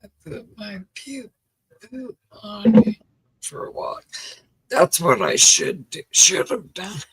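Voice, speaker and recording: On a livestream, a middle-aged woman chats casually and tells stories, laughing a lot along the way. Her husky, mid-range voice is very animated though she speaks slowly, and the audio is poor.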